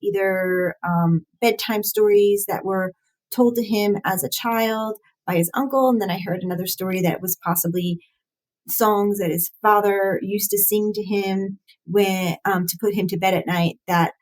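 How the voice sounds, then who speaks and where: A woman's voice: medium pitch, fairly even intonation, a little slow, poor audio. A woman hosting a casual live-stream, analysing song lyrics while thinking aloud, with frequent fillers, restarts and light laughs at herself.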